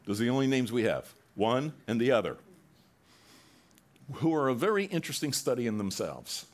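A male pastor preaching a sermon, reading scripture and retelling it dramatically, with sudden loud bursts for the mockers. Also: medium pitch, big pitch swings, normal speed.

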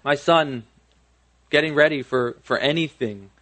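A man's voice: on the high side, unhurried, fairly bright tone. A man in his thirties preaching a conversational sermon on parenting, self-deprecating, with frequent restarts and friendly asides. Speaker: pastor.

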